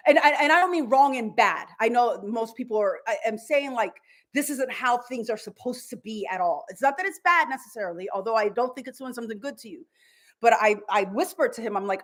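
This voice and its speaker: A woman's voice: fairly high pitch, a little fast. Soothing woman giving psychic readings. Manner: soothing, calls caller sweetheart, guided meditation; swears casually. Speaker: psychic reader. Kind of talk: live-streamed energy reading.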